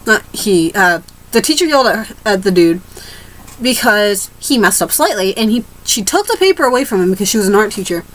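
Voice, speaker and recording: A woman's voice: medium pitch, very animated, brisk, rough recording. A teenage girl ranting to camera in a rambling, casual way, restarting her sentences and swearing freely. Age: teens. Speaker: vlogger.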